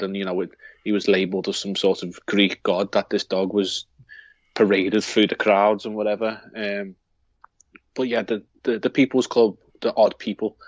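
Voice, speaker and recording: A man's voice: on the low side, no echo, highs cut off. A man with a Liverpool accent co-hosting a football podcast, talking in a rambling way with many restarts. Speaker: podcast co-host. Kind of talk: casual football chat.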